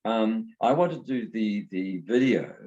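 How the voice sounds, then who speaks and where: A middle-aged man from New Zealand, a guest author talking casually in an interview and telling lively anecdotes. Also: on the low side, unhurried, muffled recording. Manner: animated storyteller, acts out voices in anecdotes. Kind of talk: conversational interview.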